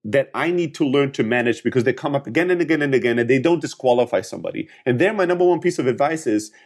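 A man's voice: medium pitch, animated, fast talker. A man in his thirties from Greece with a Greek accent, giving an emphatic motivational talk on sales that often restarts sentences. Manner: emphatic, restarts often, acts out quoted dialogue. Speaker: sales coach and startup founder.

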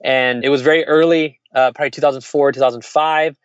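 A man speaking quickly and frankly about his past as an entrepreneur, slipping into quoted voices now and then. The recording is dry and a touch dull, with no room around it. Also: mid-range voice, fairly even intonation, smooth, no room sound. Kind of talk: candid conversational storytelling.

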